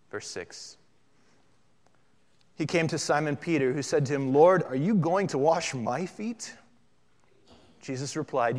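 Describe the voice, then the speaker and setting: A pastor delivering a sermon, animated and conversational, with bits of humor woven in. His voice sits slightly high for a man. A long hall reverb trails after each phrase.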